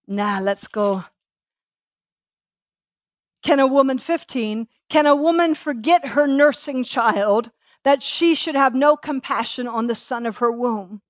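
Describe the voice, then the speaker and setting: High-voiced woman preaching with passion. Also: dry recording, studio quality. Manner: passionate, repeats phrases, asks the congregation questions. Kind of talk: sermon.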